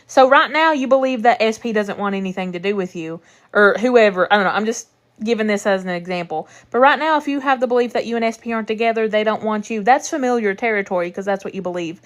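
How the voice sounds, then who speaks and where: A woman's voice: mid-range voice, fast. A young woman coaching viewers through a live stream in a chatty, reassuring way, swearing now and then. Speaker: manifestation coach.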